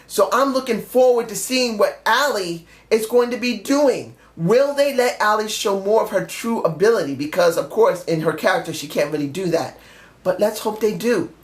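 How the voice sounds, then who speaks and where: A man's voice: high voice, expressive, normal speed. A man reviewing a wrestling show in a casual vlog, talking emphatically, ranting at times and swearing freely. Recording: echoey room.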